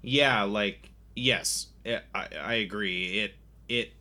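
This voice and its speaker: A man co-hosting a casual movie podcast, dry and measured, stumbling a bit at the start of his thoughts. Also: on the low side, sharp tone. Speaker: podcast co-host.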